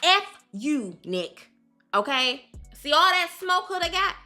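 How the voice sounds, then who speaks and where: Bright-voiced sassy woman vlogger. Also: sits high, slow pace, soft background music. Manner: sassy, animated, keeps addressing the viewer as "girl". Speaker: reality TV recap vlogger. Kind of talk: casual recap commentary.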